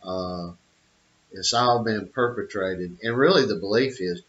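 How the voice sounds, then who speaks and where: A man's voice: lowish voice, a little slow, a bit bright, slight background noise. A middle-aged man giving an opinionated monologue, emphatic, with repeated phrases and many fillers. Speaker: channel host. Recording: dull lo-fi audio.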